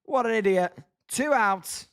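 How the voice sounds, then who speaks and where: A hoarse British man hosting a casual baseball watch-along stream, reading chat and grumbling about his team. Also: sits high, unhurried, fairly bright tone. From Britain. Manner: chatty, reads chat names, groans at the team. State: hoarse, voice tiring. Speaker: livestream host.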